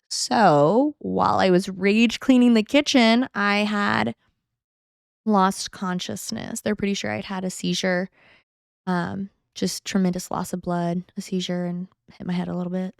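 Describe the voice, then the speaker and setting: A woman's voice: medium pitch, fairly even intonation, unhurried, creaky, dry recording, clean studio sound. A woman in her thirties, a podcast guest, telling a personal story casually, acting out other people's lines and laughing often.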